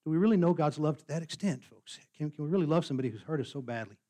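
A man's voice: a little high, lively intonation, rapid-fire, dark tone. A man giving an earnest sermon as pastor, retelling a story and repeating words when he stresses a point. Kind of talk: sermon with a read-aloud story.

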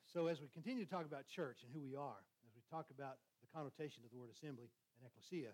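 A man preaching a conversational sermon, talking quickly with frequent restarts and checking in with "all right?". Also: medium pitch, darkish tone, slightly rough, low-quality recording.

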